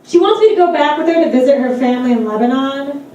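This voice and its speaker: A brash woman comedian delivers sardonic punchlines in a high voice. She is recorded from a distance in a very echoey club, with noise under her voice. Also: expressive, fast talker, dark tone. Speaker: stand-up comedian. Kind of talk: stand-up routine. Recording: echoey room, distant mic, noisy.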